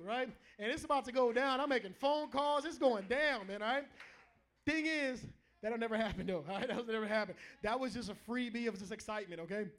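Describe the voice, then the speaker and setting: A middle-aged pastor with an extremely high-pitched voice preaches briskly in a church hall before a live congregation. He's animated, cracks jokes and calls out to the crowd.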